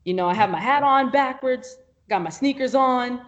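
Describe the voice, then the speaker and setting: A woman's voice: sits high, normal speed, lo-fi sound. A woman guest on a podcast, telling a work story in a casual chat, acting out quotes with laughs and fillers. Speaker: videographer guest.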